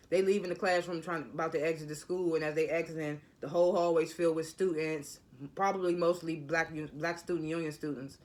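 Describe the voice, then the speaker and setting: A man with a notably high voice talks through a TV episode in a loose, rambling way. He stutters and doubles back on his words often, keeping it casual and unscripted. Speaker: TV episode reviewer. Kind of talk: casual spoiler recap.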